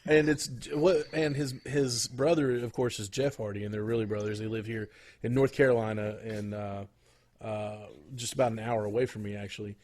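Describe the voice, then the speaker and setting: A man co-hosting a podcast in casual chat, rambling with frequent pauses and restarts. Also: fairly low pitch, steady tone, a little mellow. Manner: rambling, lots of fillers and restarts. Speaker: podcast co-host.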